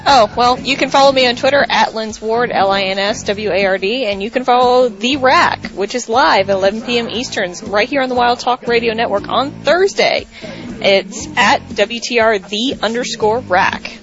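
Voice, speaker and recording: A woman's voice: on the high side, normal speed, highs cut off, over music. A woman co-hosting an online radio show, playful and teasing. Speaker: co-host. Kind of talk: casual radio chat.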